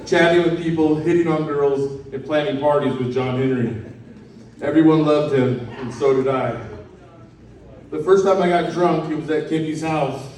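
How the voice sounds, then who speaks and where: A man reading a prepared eulogy with steady, wry storytelling. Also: on the high side, slight background noise. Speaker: eulogy speaker. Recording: echoey hall, distant mic.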